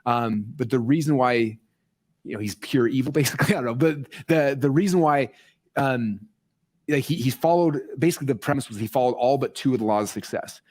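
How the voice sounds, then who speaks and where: A man speaking excitedly to a live audience, rambling with many fillers and restarts, voicing quoted people in a raised voice. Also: medium pitch, a little fast. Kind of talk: excited casual presentation. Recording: played clip inside a commentary video.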